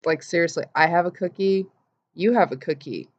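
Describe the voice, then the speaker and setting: A young woman vlogger telling an animated story and acting out the quotes in voices. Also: on the low side, normal speed. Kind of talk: casual storytelling vlog. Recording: dull lo-fi sound.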